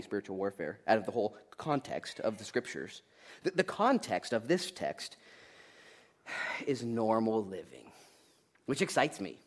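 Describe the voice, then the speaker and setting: Male pastor in his thirties, lively sermon delivery, jokey asides, sudden loud bursts, mid-pitched voice. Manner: animated, jokey, swings between loud bursts and quiet asides.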